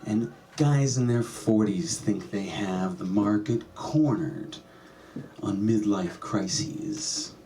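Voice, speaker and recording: A man performing a stand-up comedy set, sardonic and profane, often jumping into high yelps and mock voices. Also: animated, takes it slowly, dark tone, a little hiss or hum. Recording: distant mic with noticeable room ambience.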